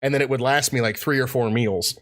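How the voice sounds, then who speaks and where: A male podcast co-host chats casually at a fairly quick clip, his medium-pitched voice steady and fairly bright. The talk rambles, peppered with fillers and restarts.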